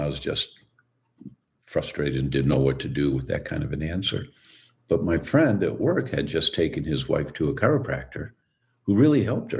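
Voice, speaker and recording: A man with an extremely low voice speaks as an interview guest, unhurried and conversational. He tells stories and slips briefly into the voices of people he quotes. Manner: relaxed storyteller who acts out quoted voices. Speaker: guest, chiropractor. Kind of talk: storytelling interview answer.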